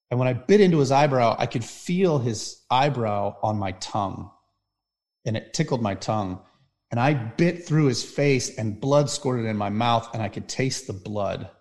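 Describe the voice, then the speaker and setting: Podcast guest, male, mid pitch, intense storyteller, swings from hushed to loud. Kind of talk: personal storytelling in conversation.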